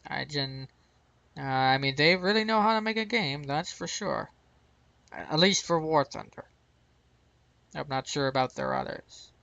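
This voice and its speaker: A man's voice: fairly high pitch, animated, a little slow, creaky, pauses often, sharp tone, no echo, lo-fi sound. An American man hosting his gaming channel, rambling through casual gameplay commentary and chuckling at his own mistakes. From United States.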